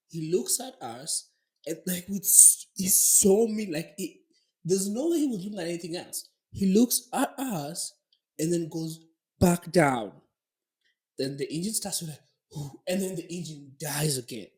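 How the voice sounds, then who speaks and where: A man hosting a podcast, telling a story in a casual, animated way, with lots of filler words and laughter. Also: sits high. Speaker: podcast host. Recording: roomy echo.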